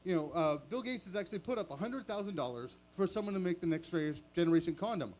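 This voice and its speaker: Man, open mic comedian, high voice, lively pitch, chatty and self-mocking. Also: quick pace, a little hiss or hum. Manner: chatty, self-mocking, chuckles at own jokes. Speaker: stand-up comedian. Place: small open mic venue.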